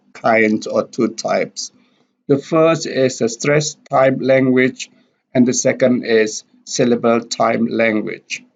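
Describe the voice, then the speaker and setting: A man explaining a language lesson slowly and deliberately, repeating example words. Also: medium pitch, gravelly, a little mellow. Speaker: language teacher. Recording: dull lo-fi recording.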